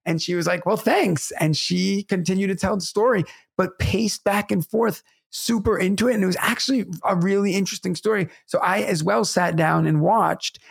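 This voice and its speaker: A man's voice: high-pitched, a little fast, vocal fry, hardly any pauses, slightly rough. A man from New York City, a stand-up comedian, telling stories in a casual podcast chat and laughing often. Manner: animated storyteller, laughs often.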